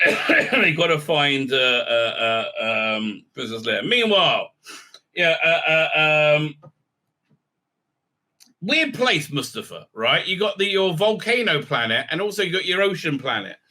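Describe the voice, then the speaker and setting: A man gives a loose, rambling recap of a show. His voice is very bright and sits a little high for a man. He stumbles through strings of fillers and keeps a mocking, irreverent edge. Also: very animated, unhurried. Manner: hesitant, heavy on fillers, irreverent. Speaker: video reviewer.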